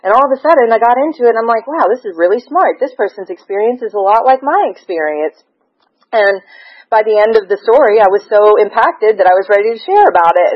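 A woman giving a candid, conversational personal testimony at a recovery meeting. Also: medium pitch. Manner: conversational and frank, with laughter. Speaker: member sharing at a recovery meeting. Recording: dull lo-fi recording.

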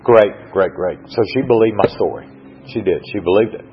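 A man's voice: fairly low pitch, brisk, a little hiss or hum. A middle-aged man from Georgia with a Southern accent, telling his recovery story in a rambling, wry, folksy way at a meeting. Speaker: speaker sharing a recovery story. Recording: dull lo-fi recording.

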